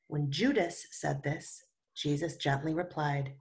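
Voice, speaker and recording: Gentle, lower-voiced Sunday school teacher. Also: female voice, fairly even intonation, a little slow. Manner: gentle, asks children questions. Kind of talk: Bible story lesson for children.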